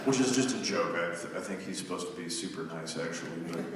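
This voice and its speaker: A man in his forties giving a humorous, self-deprecating talk to a live audience, telling stories conversationally with quick restarts. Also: deep voice, heavy background noise. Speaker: guest speaker. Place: large lecture hall. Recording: distant mic in an echoey hall.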